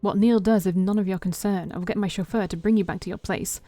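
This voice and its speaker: A woman's voice: mid-range voice, fairly even intonation, fast talker, warm tone, faint music behind, natural voice. A woman voicing a stern, wealthy middle-aged father who lectures and dismisses others in a commanding way, reading from a story game. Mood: scornful.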